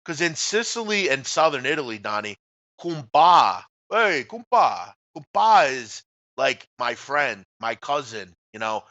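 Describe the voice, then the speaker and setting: A man's voice: medium pitch, animated, normal speed, sharp tone, no room sound, lo-fi sound. A man co-hosting a casual sports talk show, blunt and trash-talking, often trailing off at the ends of phrases. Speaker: co-host. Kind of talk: casual sports radio banter.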